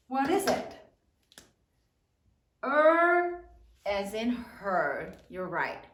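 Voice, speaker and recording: A woman teacher giving a slow, sing-song spelling lesson to third graders. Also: fairly high pitch, big pitch swings, reverberant.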